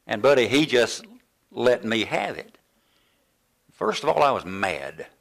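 A man's voice: medium pitch, measured pace, vocal fry. An older man preaching a sermon, telling a story from his student days and acting out the voices of the people in it. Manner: animated storytelling, acts out quoted voices. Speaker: pastor.

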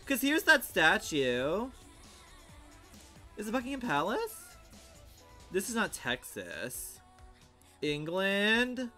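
Young male streamer, sassy and dramatic, bright voice, slow-paced chatter with sudden shouts. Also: fairly high pitch. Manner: sassy, theatrical, swings to outraged shouts. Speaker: livestreamer. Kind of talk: casual gameplay commentary.

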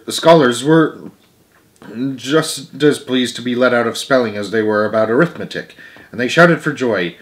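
A man reads a children's book aloud, often stumbling and correcting himself. He drops in chatty asides to the listener in a mid-pitched, ordinary voice. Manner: frequent slips and restarts, chatty asides. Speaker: storyteller.

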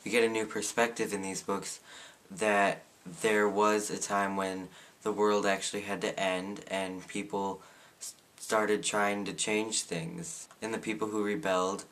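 A man's voice: fairly low pitch, little pitch movement, a little slow, a bit bright. A teenage man giving a casual, opinionated book review with a sarcastic streak.

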